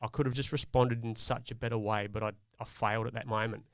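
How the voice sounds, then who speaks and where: Earnest man with a smooth voice. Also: medium pitch, fairly even intonation, fast talker, no room sound. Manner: earnest, reflective storytelling. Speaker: podcast co-host. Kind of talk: casual chat.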